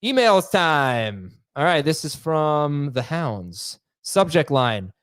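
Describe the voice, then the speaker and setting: A man hosts a relaxed chat show and reads out listener mail, his voice sitting a little higher than most men's. He talks in quick, halting bursts, and the sound is close and dry with no room around it. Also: no echo. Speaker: podcast host reading listener emails. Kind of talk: casual chat.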